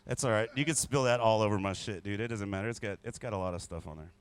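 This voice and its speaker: A man's voice: lowish voice, quick pace, clean tone. A man who is a musician guest, drinking whiskey and chatting casually between songs in a rambling, crude, joking way.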